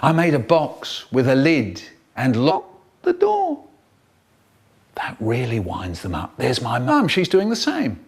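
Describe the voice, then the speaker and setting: A man's voice: medium pitch, wildly swooping pitch, slow pace, creaky, slightly rough. A man telling comic stories in spliced bits, jumping between the voices of family members. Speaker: storyteller.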